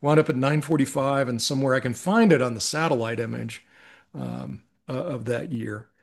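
A middle-aged man with a gravelly, creaky voice tells a personal story as a podcast guest. He speaks earnestly and reflectively, often restarting his sentences, and his pitch sits in a middling range. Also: normal speed.

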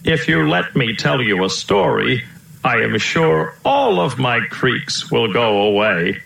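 A man voicing a gentle, kindly old male elephant who tells slow stories, in a roomy-sounding recording. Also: mid-range voice, big pitch swings, vocal fry, full character voice. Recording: roomy echo.

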